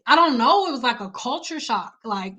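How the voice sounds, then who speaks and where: Bright, animated young woman from Detroit. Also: moderate pace, low-quality recording. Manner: animated, chatty, acts out quoted people with big pitch jumps. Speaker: hair care livestream host. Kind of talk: casual livestream storytelling.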